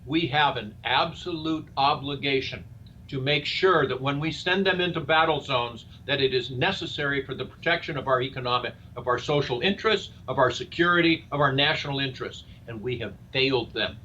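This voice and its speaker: With a brisk, sharp, medium-pitched voice, an older presidential candidate answers as a guest in a live interview, earnestly asking rhetorical questions like a speechmaker. Faint noise sits under the dull, lo-fi recording.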